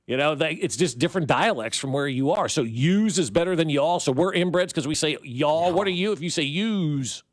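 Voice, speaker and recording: A man's voice: on the high side, lively intonation, a little fast, hardly any pauses, dry recording. Brief: middle-aged male sports radio host, opinionated and ranting, dry close studio sound. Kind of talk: morning sports talk radio banter.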